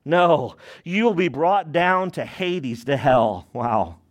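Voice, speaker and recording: Pastor guy preaching, high voice for a man, goes big then drops way down quiet, keeps checking if the crowd's following. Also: expressive, slow. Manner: emphatic preaching that swings between raised and hushed delivery; rhetorical questions to the congregation. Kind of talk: sermon.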